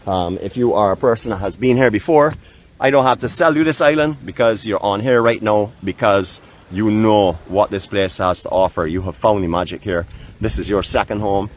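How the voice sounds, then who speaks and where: Narrating live from a raft just off the beach, this Barbadian vlog host speaks at a moderate pace in a fairly low voice, warm and inviting like a tour guide. The sound comes straight from the camera mic rather than an external one, with a light wind audible.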